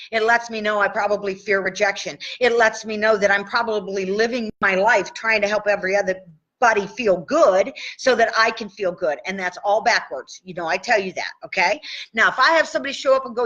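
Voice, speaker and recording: In a muffled recording, a woman with a mid-range, slightly bright voice speaks fairly quickly. She's coaching tapping on a casual live stream, chatting away and checking in with "okay?" after each point.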